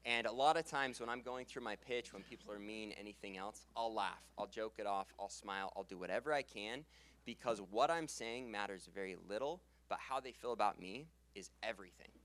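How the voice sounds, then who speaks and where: A fairly low-voiced young man runs a sales seminar in front of a live audience. He talks with energy, laughs easily and brings every sentence down at the end. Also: a little fast, a bit bright. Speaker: sales trainer. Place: conference room with live audience. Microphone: handheld stage mic.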